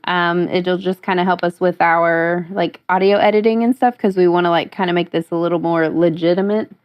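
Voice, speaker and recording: A woman's voice: on the low side, steady tone, a little fast, clear, resonant tone, dull audio. A woman co-hosting a stream, chatty and full of hesitant fillers. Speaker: podcast co-host. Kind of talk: casual stream chat.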